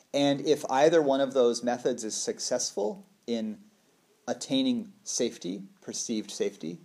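A man explaining things as a trauma therapist, casual and conversational, with a middling pitch. He keeps checking in with the listener and slips into playful acted-out voices. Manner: relaxed, conversational, checks in with "right?"; acts out quoted voices playfully.

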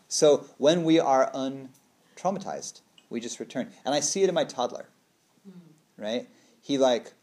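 A man talking as a trauma therapist in a relaxed, conversational way, often checking in with the listener and playfully acting out little quoted voices. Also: mid-range voice. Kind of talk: casual explanatory talk.

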